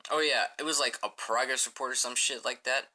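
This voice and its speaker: A man's voice: medium pitch, steady tone, brisk, bright, forceful tone. A young man rambling profanely through a casual storytime as a gaming channel host, full of filler words.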